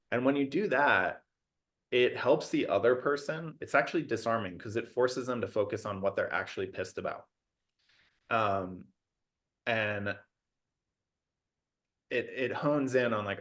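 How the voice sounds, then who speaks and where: A man's voice: on the low side, normal speed, pauses often, a bit bright. A man who works as a conflict coach and mediator, explaining a communication tool step by step in a practical, plain way. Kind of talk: casual podcast conversation.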